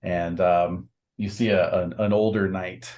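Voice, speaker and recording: Deep-voiced man narrating as game master. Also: fairly even intonation, a little mellow. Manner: descriptive, halting with fillers, acts out voices.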